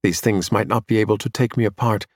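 A man reading a science fiction audiobook in a measured, even storytelling manner. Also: fairly low pitch, dry recording, clean studio sound. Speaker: narrator. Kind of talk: scripted audiobook narration.

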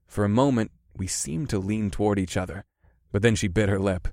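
A man narrating a first-person fantasy audiobook in a steady, measured way. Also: on the low side, no echo, studio quality.

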